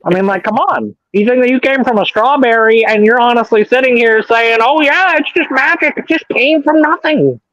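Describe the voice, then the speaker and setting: A man's voice: very high voice, normal speed, hardly any pauses, fairly bright tone, no echo, highs cut off, voice pushed up. A man putting on a blustering young male creationist preacher who scornfully rants at his listeners, heard over a call. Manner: mocking, scornful ranting.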